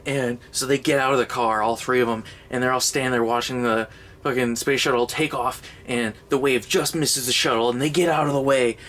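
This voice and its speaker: A man's voice: medium pitch, steady tone, brisk, a bit bright, a little hiss or hum. A young man giving a casual, comedic movie review, rambling and sarcastic, with frequent swearing.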